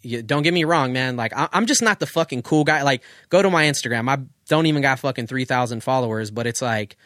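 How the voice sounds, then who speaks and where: A man's voice: mid-range voice, quick pace, a bit bright, no room sound, clean studio sound. A man in his thirties, a photographer, chatting casually and reflectively on a podcast, loose and full of profanity. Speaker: guest photographer.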